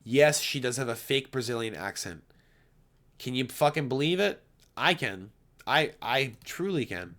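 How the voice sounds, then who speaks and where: A man's voice: mid-range voice, expressive, measured pace, fairly bright tone. A man hosting a casual fight predictions vlog, talking late at night in a blunt, rambling, profane way. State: late at night, blowing his nose. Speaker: MMA fight predictions host.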